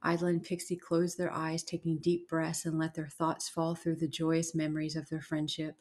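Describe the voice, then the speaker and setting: A woman narrating a horror story in a hushed, dramatic way, slipping into whispers. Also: low-pitched, completely flat delivery, moderate pace.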